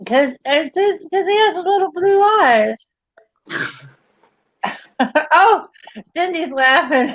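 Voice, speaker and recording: Casual chat: a high, slow-talking, giggly woman on a dull, lo-fi line. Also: expressive, fairly bright tone, slight background noise. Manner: enthusiastic, giggly, laughs often. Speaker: friend in group chat.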